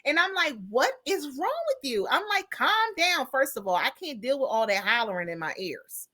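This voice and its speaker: Bright-voiced woman, animated podcast chat. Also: sits high, moderate pace. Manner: animated storytelling, acts out callers. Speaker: podcast co-host. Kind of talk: casual chat.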